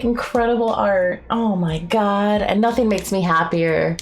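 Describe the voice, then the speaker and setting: A woman artist chatting casually on a co-working livestream, effusive and excitable, sometimes breaking into high squeals. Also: unhurried, few pauses, soft background music. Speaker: artist streaming a co-working session.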